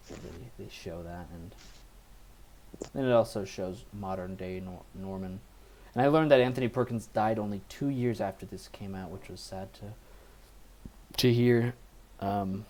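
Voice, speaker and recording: A man's voice: lowish voice, a little mellow. A man co-hosting a podcast, casually retelling a movie plot with lots of fillers. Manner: rambling, filler-heavy retelling. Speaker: podcast co-host. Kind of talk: casual movie review chat.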